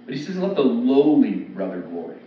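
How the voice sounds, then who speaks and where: A man's voice: mid-range voice, sing-song, brisk, slight background noise. A man preaching an expository sermon in a loose, conversational way, acting out quoted voices. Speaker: pastor. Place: church sanctuary. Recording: echoey, distant, dull church recording.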